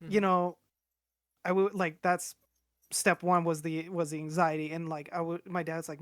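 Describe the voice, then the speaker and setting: A man's voice: fairly high pitch, level tone, moderate pace, fairly bright tone, no room sound. Guy in his 20s rambling on a podcast, candid, swears a lot, dry close sound. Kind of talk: casual chat.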